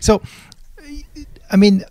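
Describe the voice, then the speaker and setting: Mellow-voiced man, hesitant. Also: takes it slowly. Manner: hesitant and thinking aloud, with many fillers and restarts. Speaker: podcast co-host. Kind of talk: casual investing podcast chat.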